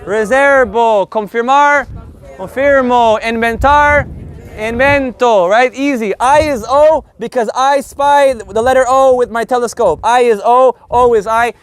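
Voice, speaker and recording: A man's voice: extremely high pitch, a little slow, smooth. A man teaching a casual live Spanish group lesson, brash and joking, swearing casually as he explains.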